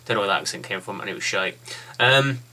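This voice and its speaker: A man's voice: lowish voice, animated, fast talker, pushed and bright. A man giving a casual, blunt and rambling beer review.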